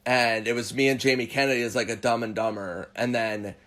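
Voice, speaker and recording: A man's voice: mid-range voice, fairly even intonation, fairly quick, a bit bright. A man from Minnesota, a comedian guest, telling rambling profane stories in casual podcast chat. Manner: rambling, profane storytelling with voiced impressions.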